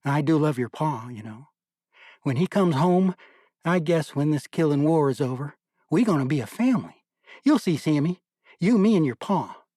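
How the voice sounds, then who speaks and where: A man voicing a tender young mother of seventeen with soft, homespun rural speech. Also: fairly high pitch, expressive, moderate pace, no room sound, studio quality, voice pushed up.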